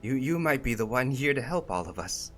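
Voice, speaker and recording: A man voicing an excitable, friendly goblin who talks in a flustered, eager rush. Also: mid-range voice, fairly quick, faint music behind, voice pushed up, natural voice.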